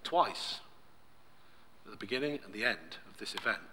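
A man preaching a sermon, swinging between loud emphasis and near-whispered softness. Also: a little high, expressive, a little fast. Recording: long hall reverb.

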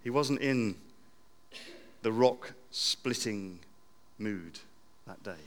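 A man preaching a sermon in a church, reflective, repeating phrases and swinging between loud and hushed. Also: on the low side, drawn-out words. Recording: long church reverb.

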